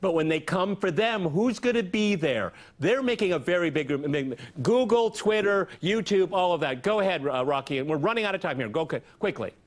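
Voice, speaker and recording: A man with a high voice moderates a lively panel debate. He cuts in often and pushes the conversation along in a forceful way. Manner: interjecting, forceful, brisk. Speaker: debate show host.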